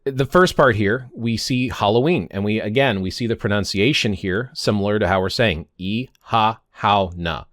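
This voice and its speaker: A man's voice: fairly low pitch, normal speed, few pauses, a bit bright, dry recording, studio quality. A man in his fifties talking casually to camera in a vlog, rambling and often stopping to correct himself. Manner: rambling, self-correcting, stumbles on words. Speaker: pagan vlogger.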